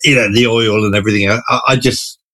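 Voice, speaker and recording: A man talking enthusiastically about films on the radio, casual and chatty with a few halting restarts. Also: fairly low pitch, steady tone, pushed and bright, dry recording. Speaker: film reviewer. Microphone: studio microphone.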